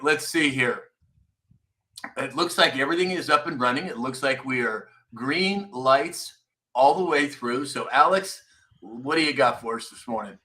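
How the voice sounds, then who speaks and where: Guy hosting a morning live stream, teasing viewers, bright punchy voice. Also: medium pitch. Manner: chatty, teasing, reads out viewer names. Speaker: live show host. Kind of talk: casual live-stream chat.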